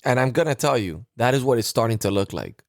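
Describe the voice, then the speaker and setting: A man's voice: medium pitch, lively intonation, fast, gravelly, dry recording, studio quality. A man hosting a solo political commentary show, talking heatedly with many fillers and restarts.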